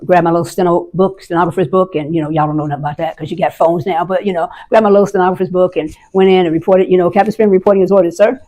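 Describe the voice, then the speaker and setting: Brief: veteran woman in her 60s, lowish voice, candid and emotional storyteller. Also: steady tone, racing, few pauses, dark tone. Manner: candid, emotional, vivid recounting. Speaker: army veteran guest. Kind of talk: personal storytelling.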